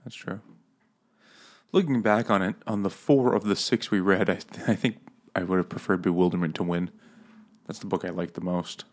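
A man's voice: low voice, steady tone, moderate pace. Unsure man thinking aloud. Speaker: book podcast co-host. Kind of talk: casual chat over beers.

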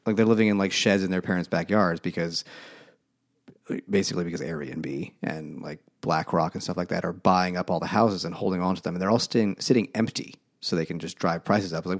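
A man's voice: low-pitched, steady tone, a little fast. A man co-hosting a casual book podcast over beers, telling rambling stories full of "like" and swearing. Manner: rambling storyteller, lots of filler "like", swears. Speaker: podcast co-host.

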